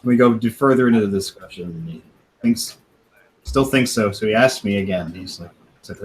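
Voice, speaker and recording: A man's voice: lowish voice, fairly quick, slight background noise, low-quality recording. A man on a podcast casually telling a long profane story, laughing now and then and acting out what others said. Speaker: podcast host.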